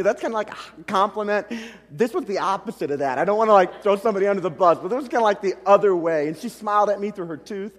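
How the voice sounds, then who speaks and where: A middle-aged man preaching a storytelling sermon, animated and self-deprecating as he talks to his congregation. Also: high-pitched, fast. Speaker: pastor. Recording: long hall reverb.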